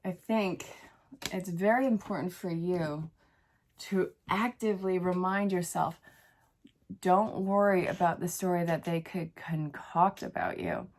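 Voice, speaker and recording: A woman's voice: fairly low pitch, measured pace, a little mellow. A woman in her thirties with the sniffles, giving a casual tarot reading in a frank, encouraging way and talking straight to the viewer. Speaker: tarot reader.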